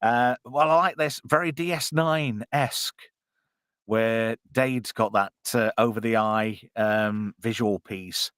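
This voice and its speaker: A man's voice: mid-range voice, fairly even intonation, slow pace, a bit bright, smooth, dry recording, clean studio sound. A man hosting a casual live film watch-along, chatty and jokey with lots of fillers. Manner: chatty, jokey, filler-heavy, reads chat aloud. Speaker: podcast host watching a film with chat.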